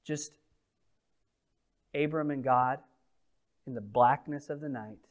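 A man preaching a sermon, moving between loud proclamation and quiet, intimate storytelling, reading scripture slowly. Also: medium pitch. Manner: dynamic preaching, swings from loud proclamation to hushed intimate delivery; reads scripture slowly and deliberately. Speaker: pastor.

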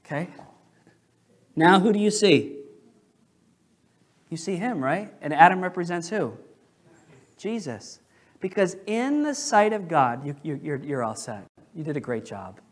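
A male pastor preaching a sermon in a church, questioning the congregation and slowing down to stress key phrases. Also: on the high side, expressive. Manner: emphatic, slows down on key phrases. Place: church sanctuary.

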